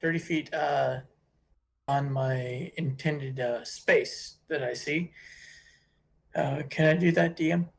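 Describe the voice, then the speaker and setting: A man taking part as a player in a tabletop game, asking halting questions about what he can do. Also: a little high, steady tone, vocal fry. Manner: halting, asks rules questions. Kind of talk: casual tabletop play.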